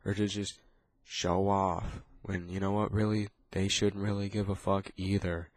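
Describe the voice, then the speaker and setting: A man with a lowish voice rants in a loose, casual way, cursing nearly every line and restarting his sentences. The sound is dry, with no room echo. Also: flat delivery, measured pace. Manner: swears constantly, rambling with restarts. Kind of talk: casual profane rant.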